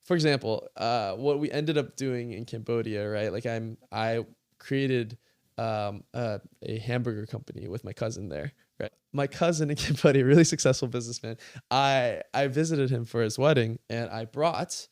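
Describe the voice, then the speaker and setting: A man telling a story in a casual interview, animated, full of "like", acting out what people said. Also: medium pitch, normal speed. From California. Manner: animated, fills speech with "like", acts out quoted dialogue. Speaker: guest creator.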